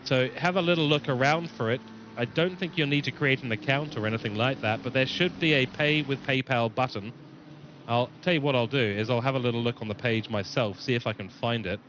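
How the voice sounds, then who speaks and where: A man's voice: mid-range voice, a little fast, fairly bright tone. Kiwi-english guy calling a sim race live, chatty, dull stream audio with noise behind. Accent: mixed English and New Zealand. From New Zealand. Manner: chatty, reads viewer chat aloud. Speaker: race commentator. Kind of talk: live sim-racing commentary.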